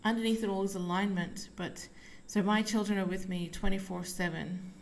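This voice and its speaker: A woman hosting a casual solo podcast, talking while lying down at home, relaxed and rambling with many fillers. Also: mid-range voice, moderate pace, vocal fry, a little hiss or hum. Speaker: podcast host and psychic medium.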